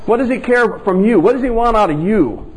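High-voiced older man preaching. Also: a little fast, breathy edge, poor audio. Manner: folksy, animated storytelling with sudden emphasis. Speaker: pastor. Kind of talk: sermon with personal story.

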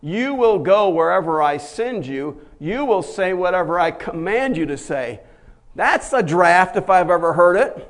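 Speaking in a fairly high, expressive voice at a moderate pace, a male pastor delivers his sermon with emphasis. He swings from loud, forceful climaxes down to soft, low passages. He performs the voices of the people he quotes.

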